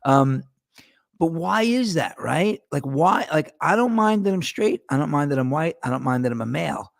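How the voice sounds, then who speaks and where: A middle-aged man hosts his own podcast in a loose, rambling monologue, swearing freely and wandering off topic. His voice has a gravelly edge, and the sound is dry and close with no room around it. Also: on the high side, expressive, normal speed, no room sound. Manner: rambling, profane, digressive. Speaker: podcast host. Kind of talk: casual monologue.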